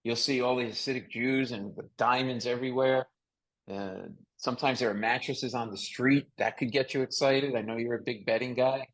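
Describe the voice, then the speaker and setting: A man hosting a casual comedic chat over a video call, with a nasal voice, telling jokey stories in an animated way. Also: medium pitch, moderate pace, poor audio. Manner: animated storyteller, joking. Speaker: podcast host.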